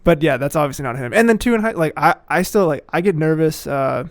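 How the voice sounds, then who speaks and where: Young male podcast host, animated storyteller with a slightly high voice and a dry close sound. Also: fast talker, no echo. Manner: animated, laughs often, acts out quotes. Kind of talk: casual storytelling chat.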